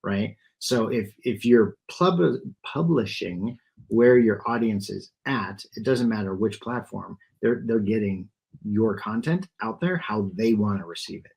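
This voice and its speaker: A man's voice: fairly low pitch, animated, a little slow, gravelly, darkish tone, breathy edge. A man guesting on an interview, laid-back and joking as he talks. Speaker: podcast co-host guest. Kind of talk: casual interview chat.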